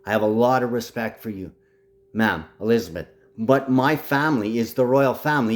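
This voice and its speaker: A man's voice: medium pitch, moderate pace. A man talking to camera in a rambling, agitated monologue, addressing absent people directly.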